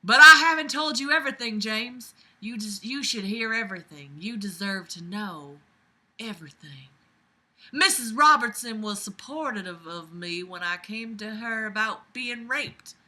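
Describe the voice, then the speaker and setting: A woman voicing a teenage girl reading her confessional letter aloud in a put-on Southern Belle accent, soft and earnest. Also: a little high, lively intonation, normal speed.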